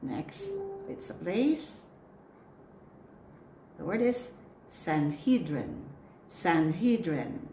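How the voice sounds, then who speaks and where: A woman coaching church readers on pronunciation. She says each word slowly and clearly, then repeats it. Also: on the low side, very animated, dark tone. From Philippines. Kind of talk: pronunciation drill, slow and repeated. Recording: echoey room with faint noise.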